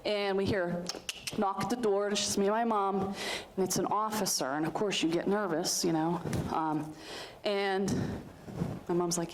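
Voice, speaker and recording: A middle-aged woman from Western Pennsylvania tells stories in a casual, rambling way, full of asides and fillers. Her voice sits at an ordinary pitch. A faint hiss runs under the recording. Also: moderate pace. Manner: chatty and warm-hearted, rambling with many asides and fillers. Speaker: host of a community access style show. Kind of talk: casual storytelling to a group.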